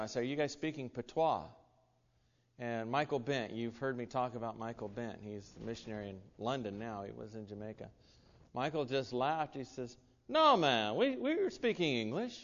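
A man's voice: mid-range voice, in a large hall, dull audio. A man with an American accent preaching a sermon, earnest, with frequent restarts and asides. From United States.

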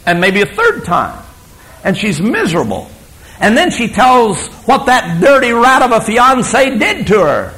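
A man preaching a sermon, emphatic and storytelling, swinging between loud declarations and hushed asides. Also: very high-pitched, very animated, measured pace, low-quality recording.

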